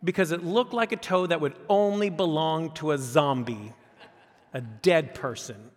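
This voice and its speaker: A man in his fifties preaching a sermon as a pastor, animated, repeating phrases and asking rhetorical questions. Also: on the high side, unhurried. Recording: long hall reverb.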